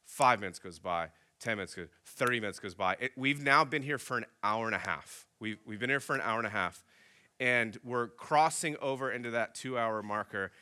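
Bright-voiced man telling a story. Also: mid-range voice, normal speed. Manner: animated storyteller acting out both sides of a dialogue. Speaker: pastor. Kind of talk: sermon storytelling.

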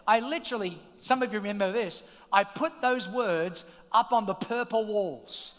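Middle-aged male pastor, high bright voice, rousing sermon in a reverberant church hall. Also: normal speed, few pauses, a faint crowd, slight background noise. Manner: energetic, shouting calls to the congregation. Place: large church auditorium.

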